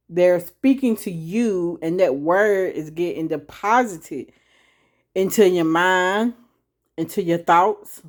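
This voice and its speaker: A woman giving an informal Bible teaching to camera. She talks conversationally, keeps checking in with "right?", and reads scripture slowly and deliberately. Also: on the low side, a little mellow.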